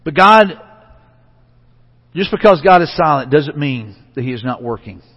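Male pastor, sermon in a church sanctuary, trailing soft endings, long hall reverb. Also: fairly high pitch, animated, normal speed, breathy edge, highs cut off. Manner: conversational preaching, repeats phrases, drops soft at line ends.

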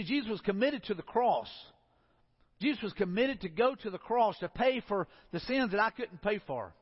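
Male pastor, earnest sermon delivery, high voice, dull sound with long reverb. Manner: earnest preaching, drops low and soft for emphasis. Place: church sanctuary.

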